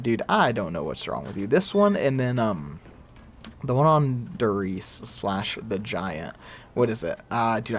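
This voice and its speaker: A man's voice: mid-range voice, slight background noise. A young man in casual let's-play commentary, chatty and rambling with fillers and laughs. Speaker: gaming YouTuber.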